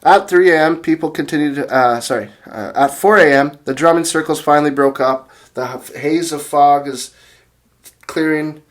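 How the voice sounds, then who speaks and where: Excitable rambling young man. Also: a little high, normal speed. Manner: rambling with many restarts and fillers, laughs often; excitable, reads out quotes from notes. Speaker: music channel host. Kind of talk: casual video commentary retelling events.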